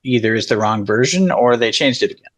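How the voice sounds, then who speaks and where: A man's voice: mid-range voice, animated, quick pace. Man asking about game rules. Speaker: player. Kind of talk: casual tabletop game chat.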